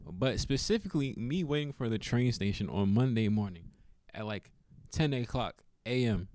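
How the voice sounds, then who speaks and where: Speaking at a moderate pace with a medium-pitched voice, a young man shares an amusing story from his own life for a casual vlog. He laughs a lot and performs other people's lines with plenty of animation, and there's no room sound at all.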